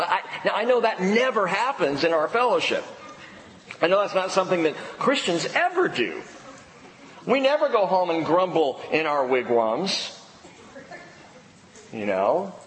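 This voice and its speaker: A male pastor delivers a sermon with emphatic, animated intonation and keeps firing off rhetorical questions. His voice sits on the higher side and swings widely in pitch. It echoes through a large hall over faint ambient noise. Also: unhurried.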